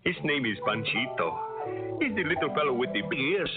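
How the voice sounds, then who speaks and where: A man tells a children's story in a gentle, lilting voice with lively swings in pitch. The recording is thin and phone-like, with loud music playing throughout. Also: a little fast. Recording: tinny lo-fi old record with music.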